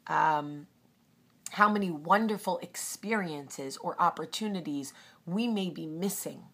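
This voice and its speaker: A woman's voice: lowish voice, unhurried, fairly bright tone, husky. A woman hosting a casual storytelling vlog, chatty with frequent ums. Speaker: host.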